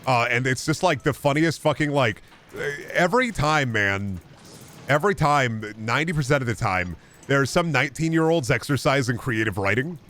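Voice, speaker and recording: A man's voice: mid-range voice, animated, normal speed, a bit bright. A young adult man chatting casually on a gaming livestream, rambling and joking with lots of swearing. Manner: rambling, profane, jokey. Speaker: gaming streamer.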